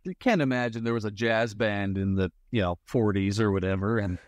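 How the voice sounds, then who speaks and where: A man's voice: lowish voice, brisk, no room sound. A man co-hosting a podcast in casual chat, complaining in a wry, amused way with acted-out asides. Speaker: podcast co-host.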